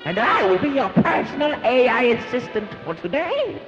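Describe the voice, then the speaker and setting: A man voicing a calm, clinical male AI assistant in a horror game, with a slow, formal announcer delivery. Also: very high voice. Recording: muffled lo-fi game audio. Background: loud game music.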